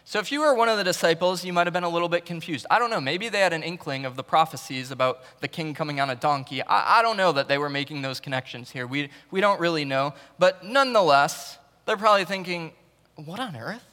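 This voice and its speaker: A man preaching with a bright, forceful voice that sits a little high. He talks conversationally, repeats words and swings between loud stresses and quiet passages. The room has a long, ringing reverb. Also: fast talker, hardly any pauses. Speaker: pastor. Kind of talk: sermon.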